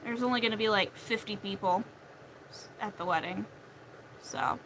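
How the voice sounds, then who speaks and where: Chatty young woman with a bright voice. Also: medium pitch, moderate pace, slight background noise, low-quality recording. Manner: chatty, acts out quotes of family in shifting voices. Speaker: crochet vlogger. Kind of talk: casual chat while crocheting.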